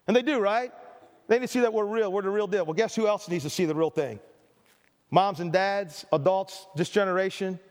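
A man's voice: sits high, a little fast. A middle-aged male pastor preaching a sermon, earnest and emphatic, with stammered restarts and repeated phrases. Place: church hall. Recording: reverberant church hall.

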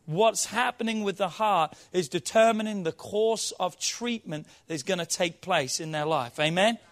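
A man with a notably high voice preaches in a church. He teases the congregation with questions, then reads scripture slowly and swells into emphatic calls. His delivery is conversational and punchy. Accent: non-local accent. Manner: playful, quizzing the audience, then preaching with rising emphasis. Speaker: pastor. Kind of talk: sermon.

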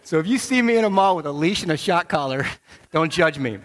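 A man in his thirties preaching a sermon, telling a personal story with animated quoted voices. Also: fairly high pitch, brisk. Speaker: pastor. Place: large church auditorium. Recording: long hall reverb.

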